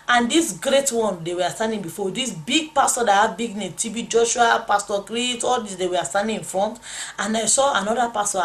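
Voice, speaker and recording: A woman preaching a testimony, fervently acting out voices of God and the devil as she recounts a vision. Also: mid-range voice. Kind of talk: testimony sermon.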